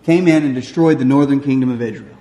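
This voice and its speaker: A young man with a Southern American accent, preaching a sermon in a church and telling stories about himself with a lively, self-mocking delivery. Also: medium pitch, fast. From Southern United States. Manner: animated storyteller, self-mocking, acts out voices. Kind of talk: sermon with personal story. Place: church sanctuary. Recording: echoey hall with long reverb.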